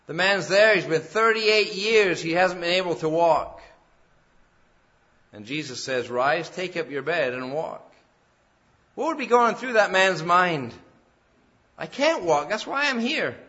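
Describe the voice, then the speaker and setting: A man's voice: high-pitched, expressive, a little slow, long pauses, sharp tone. A man preaching a sermon in an earnest way that rises to emphatic peaks. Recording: dull lo-fi sound.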